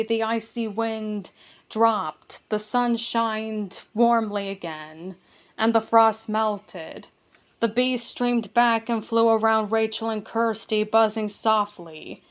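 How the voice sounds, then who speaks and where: A woman reading a children's book aloud, careful and steady, with small stumbles and restarts. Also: fairly high pitch, slow pace, clean tone. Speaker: storybook reader.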